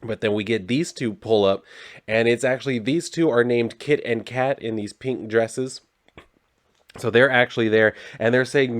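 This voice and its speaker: A man's voice: medium pitch, normal speed, no echo, studio quality. A man casually recapping a comic book, laid-back and swearing freely.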